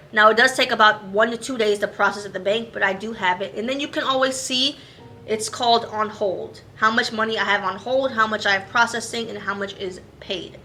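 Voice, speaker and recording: A woman who runs a made-to-order shop, chatting quickly and casually as she explains how selling online works. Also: mid-range voice, pushed and bright, slight background noise. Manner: fast-talking, chatty, self-aware about speed.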